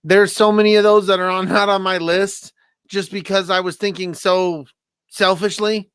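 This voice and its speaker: A man co-hosting a podcast in casual chat, excitable, laughing often and swearing freely. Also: sits high, moderate pace, clean tone, dry recording. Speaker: podcast co-host.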